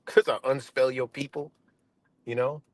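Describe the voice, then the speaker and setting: A man's voice: medium pitch, steady tone, normal speed, dry recording. A man on a live stream, ranting in a heated and confrontational way, swearing often and repeating himself. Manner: profane, confrontational, repetitive.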